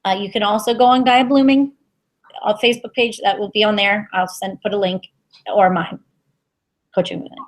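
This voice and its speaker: A woman giving an intuitive tarot reading on a web show, soft and halting, with many fillers. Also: medium pitch, fairly even intonation. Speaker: tarot reader.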